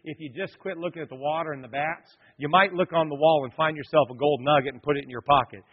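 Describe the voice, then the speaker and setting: Man preaching a sermon, fairly high voice, husky, dramatic storyteller, dull lo-fi sound, long hall reverb. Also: quick pace, few pauses. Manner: dramatic storytelling preacher, addresses the congregation directly. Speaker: pastor.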